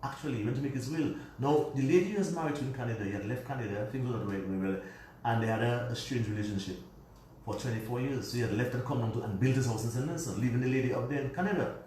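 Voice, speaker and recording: A man's voice: mid-range voice, rapid-fire, a little mellow, a little hiss or hum. A man from Dominica, a guest on a radio show, telling a personal family story in a meandering, colloquial way. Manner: puts on his father's voice when quoting him. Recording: very roomy recording from a distance.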